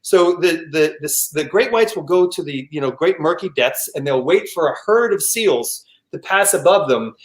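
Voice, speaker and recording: A man telling a personal story at a live storytelling show, animated and full of restarts and vocal sound effects. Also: fairly high pitch, normal speed, few pauses. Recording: echoey room.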